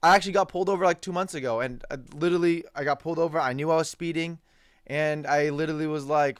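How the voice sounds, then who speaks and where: A man's voice: fairly high pitch, fairly even intonation, fast talker, clear, resonant tone, no room sound, studio quality. A man giving heated, profanity-laced reaction commentary on sports news, repeating himself for emphasis. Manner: profane, ranting, repetitive emphasis.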